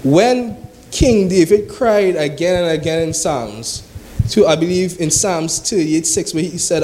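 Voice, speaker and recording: A man's voice: on the high side, animated, a little slow, darkish tone, slight background noise, poor audio. A man preaching a sermon. He reads scripture aloud, then explains it in a conversational way, often asking "right?".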